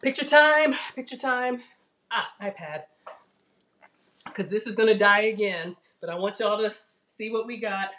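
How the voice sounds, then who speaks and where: A woman runs a live cooking class from her home kitchen, chatting freely and getting excited as she cooks. Her voice sits at an ordinary pitch for a woman. She keeps turning to her online viewers as if they are in the room with her. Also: moderate pace, pauses often, a little hiss or hum. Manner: chatty, excitable, talks straight to viewers as y'all.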